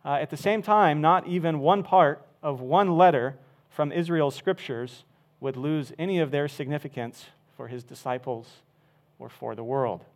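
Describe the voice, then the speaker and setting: Man, pastor, sermon, emphatic, swings from loud to soft. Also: on the high side, moderate pace. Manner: emphatic, with wide swings in loudness.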